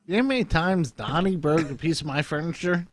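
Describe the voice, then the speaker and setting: A man's voice: on the high side, animated, fairly quick. A man co-hosting a podcast, chiming in with jokes in casual chat. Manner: wisecracking, chimes in with jokes. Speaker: podcast co-host.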